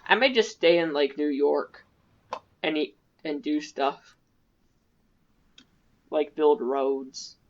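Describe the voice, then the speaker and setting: A woman's voice: low-pitched, takes it slowly, pauses often. A woman giving casual, rambling, self-mocking commentary while playing a strategy game, in a dull lo-fi recording. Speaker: gaming video creator. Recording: dull lo-fi mic.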